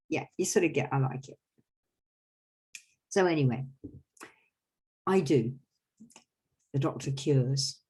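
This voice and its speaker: A woman's voice: very deep voice, takes it slowly, pauses often, poor audio. A woman host telling about folk customs in a chatty, wry way. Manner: chatty, wry asides, lively explanations. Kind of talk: casual storytelling talk.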